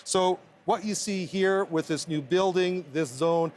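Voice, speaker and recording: A man who is a veteran sports reporter, talking in a relaxed, reminiscing way during a live outdoor news chat. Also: high-pitched, measured pace. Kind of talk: conversational live news interview. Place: outdoor city plaza.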